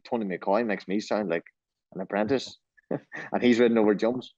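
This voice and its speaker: A low-voiced man with an Irish accent from Donegal chats loosely and self-deprecatingly, restarting his sentences as he goes. The sound is dry and dull, like lo-fi call audio. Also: steady tone, moderate pace, a little mellow, no room sound. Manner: easygoing, rambling, self-deprecating, many restarts. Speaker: jockey. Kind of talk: remote interview, casual chat.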